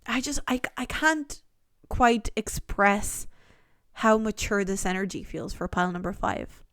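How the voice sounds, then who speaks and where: Smooth-voiced woman giving a tarot reading. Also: mid-range voice, lively intonation, unhurried, a bit bright, no echo, clean studio sound. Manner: earnest, rambling, full of fillers and restarts. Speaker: tarot reader. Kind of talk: pick-a-card tarot reading.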